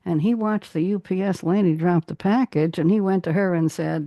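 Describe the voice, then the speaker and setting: A woman hosting a radio talk show, chatting with guests in a lively, storytelling way. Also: fairly low pitch, normal speed, few pauses, no echo, studio quality. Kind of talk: casual radio chat. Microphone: studio microphone.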